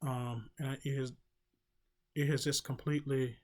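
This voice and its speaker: A man hosting his own commentary channel, talking in a casual monologue with many filler ums, slow halting phrasing and wry joking asides. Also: medium pitch, level tone.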